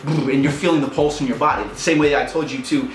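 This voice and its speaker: A man's voice: fairly high pitch, steady tone, fast, background noise. A man hosting a rap tutorial, explaining in a casual, upbeat way and counting out beats. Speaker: rap coach and channel host. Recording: echoey room with music behind.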